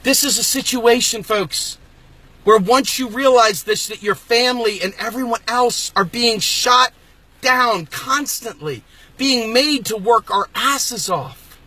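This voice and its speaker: A man hosting his own political channel, delivering an angry, emphatic rant and sometimes shouting. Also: extremely high pitch, slow pace, no echo. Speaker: host of a political video channel. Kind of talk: impassioned political rant to camera.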